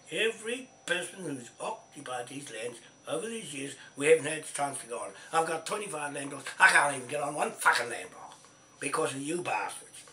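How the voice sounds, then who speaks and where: A man's voice: mid-range voice, fairly bright tone. A man with a New Zealand accent delivering an angry, profane monologue as a land claimant, ranting and coughing now and then. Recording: roomy, distant mic, faint noise.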